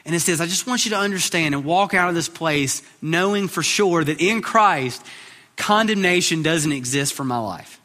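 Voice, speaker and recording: A man's voice: on the high side, animated, normal speed, bright, forceful tone, long reverb tail. A man preaching a sermon as pastor, earnest, often repeating words as he starts a phrase.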